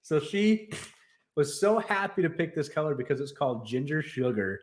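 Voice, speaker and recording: A man's voice: on the high side, very animated, brisk. A man casually chatting on his livestream, rambling and laughing as he tells stories. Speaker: streamer and host. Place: new home in Texas.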